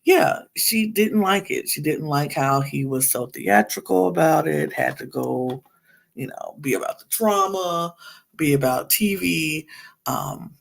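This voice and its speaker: A woman's voice: sits low, measured pace, creaky. A woman hosting a podcast, recapping a reality show in a chatty, rambling way with many fillers. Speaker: podcast host.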